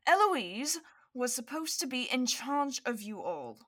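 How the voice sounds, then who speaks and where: A woman's voice: high-pitched, big pitch swings, a little slow, fairly bright tone, heavily acted. A woman voicing a strict father who coldly scolds children out of bed. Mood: stern. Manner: cold, reprimanding. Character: stern strict father Lucian.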